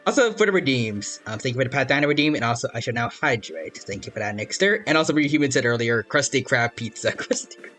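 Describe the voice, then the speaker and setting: A man's voice: medium pitch, animated, fast talker, few pauses, sharp tone, faint music behind. Casual man streamer; playful, chatty, reads out chat between plays. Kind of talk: casual live game commentary.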